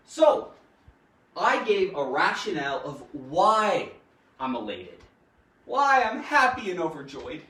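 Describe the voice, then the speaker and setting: A woman's voice: fairly low pitch, big pitch swings, takes it slowly, a bit bright, far from the mic. A woman hosting a playful live grammar lesson, giggly and jokey, talking straight to her viewers. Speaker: grammar teacher and show host. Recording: echoey room, voice off-mic.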